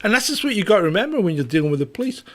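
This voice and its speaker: A man co-hosting a comedy news podcast, often laughing and rambling through asides. His voice sits high and swings widely in pitch. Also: big pitch swings, racing, a bit bright. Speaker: podcast co-host. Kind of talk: casual banter.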